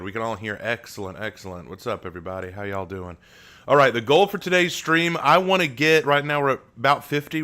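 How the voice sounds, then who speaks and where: Man, live stream host, casual chat, reads viewer messages, mid-pitched voice. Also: bright, forceful tone.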